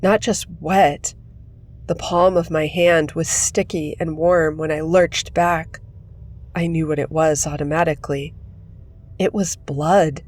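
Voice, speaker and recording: A woman reading a horror story aloud in measured, steady scripted narration. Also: sits low.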